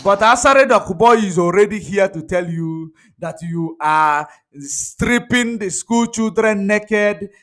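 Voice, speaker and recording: A man's voice: sits high, takes it slowly, hardly any pauses, fairly bright tone. A man giving emphatic, repetitive livestream commentary. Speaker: online commentator.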